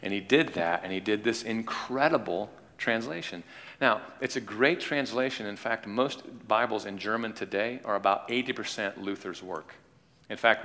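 A man teaching an informal class on Bible translation, talking in a halting way with frequent restarts and repeated words. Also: lowish voice, vocal fry, a bit bright. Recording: long hall reverb.

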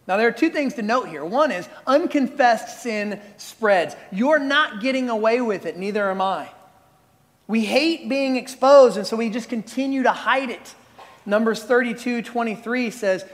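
A male pastor in his forties preaching with animated, conversational storytelling. His voice sits high for a man. It carries a long reverb, as if from a large hall. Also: normal speed. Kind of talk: sermon.

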